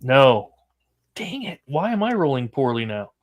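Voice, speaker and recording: A man's voice: medium pitch, big pitch swings, measured pace. A man running a tabletop horror game as game master, narrating dice results casually.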